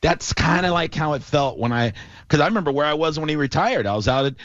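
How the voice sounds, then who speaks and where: A man hosting a sports talk show, telling a long story in a casual, animated way with lots of fillers. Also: a little high, fast, dry recording. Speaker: radio show host. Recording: dull, lo-fi and dry.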